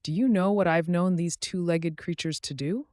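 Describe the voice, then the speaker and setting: A man voices a female duck who is anxious, distrustful, fretful and tearful, far from home. His delivery sits high, above his own natural pitch yet close to an everyday voice, at a moderate pace and a little mellow, in clean studio sound with no room tone.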